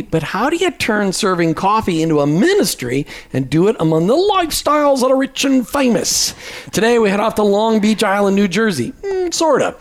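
A man co-hosting a faith and work podcast, introducing guests with playful, teasing asides. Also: high voice. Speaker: podcast co-host. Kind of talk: casual chat.

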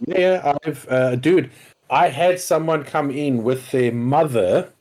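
A man's voice: a little high, slow pace, a little mellow, poor audio. A man co-hosting a casual podcast, arguing his point insistently. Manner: argumentative, insistent. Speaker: podcast co-host.

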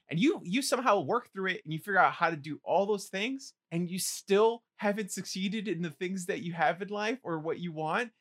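Male podcast co-host, high lively voice, bright tone, rambling crude banter. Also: brisk, few pauses. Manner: rambling, crude jokes, many "like" fillers. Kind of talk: casual chat.

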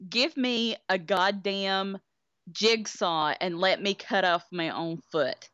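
This woman co-hosts a casual movie chat and swears a lot, sounding blunt and exasperated. Her mid-range voice is fairly bright and smooth, and she takes it slowly. The recording is dry and slightly dull, with no room sound.

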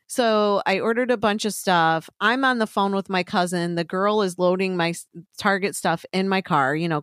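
A woman's voice: mid-range voice, no room sound, clean studio sound. A woman co-hosting a podcast in casual chat, swearing freely, laughing often and telling stories with energy. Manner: profane, laughs often, animated storytelling. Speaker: podcast co-host.

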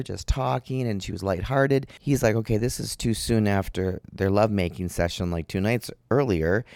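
A man hosting a podcast, telling a story in a chatty way and breaking into high laughter. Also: a little mellow, no room sound, studio quality. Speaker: podcast host. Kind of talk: casual storytelling monologue.

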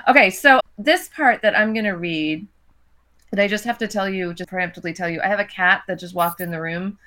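Chatty American woman author. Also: medium pitch. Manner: animated, chatty, then measured reading. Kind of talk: interview and reading aloud.

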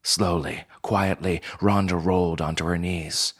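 A man with a husky voice reading a story in measured, steady scripted narration. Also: deep voice.

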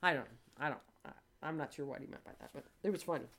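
A woman in her sixties hosting a casual chat, telling stories with animated, blunt delivery and acted-out dialogue. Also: deep voice, quick pace. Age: 60s. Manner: animated storytelling, swears freely, acts out quoted dialogue.

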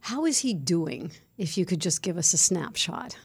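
Husky low-voiced woman host. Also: sing-song, normal speed. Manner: gentle, probing questions. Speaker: podcast host. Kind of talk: interviewing.

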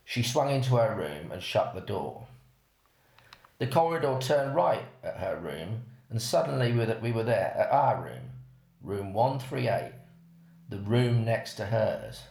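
Man, low gravelly voice, unhurried first-person story read-aloud, roomy echoey recording. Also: sing-song, a little mellow. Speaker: narrator. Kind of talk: reading an erotic story aloud. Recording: roomy echo.

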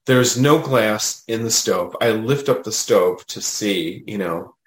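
A man, a guest medium, telling a personal story in a casual, animated way, often adding "you know" and "right?". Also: on the low side, takes it slowly, roomy sound.

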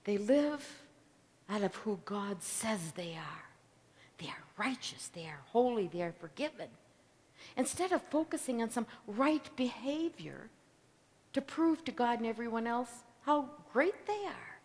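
A woman preaching a sermon as a story, swinging between loud declarations and hushed whispers. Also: fairly high pitch, lively intonation, unhurried. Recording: long reverb of a large hall.

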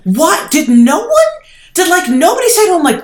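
A woman's voice: very high-pitched, big pitch swings, normal speed. A woman co-hosting a podcast in casual banter, reacting expressively. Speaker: podcast co-host.

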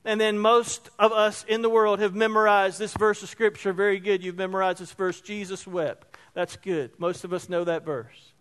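High-voiced man preaching in a reverberant hall. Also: moderate pace, hardly any pauses, clear, resonant tone. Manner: expressive preaching that swings between soft and loud. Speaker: pastor. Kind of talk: sermon. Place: church sanctuary.

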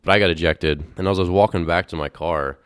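A man's voice: low-pitched, fairly even intonation, fast talker, fairly bright tone, no room sound, clean studio sound. A young man hosting a podcast, telling a candid, rambling story in a casual way with fillers and restarts. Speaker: podcast host.

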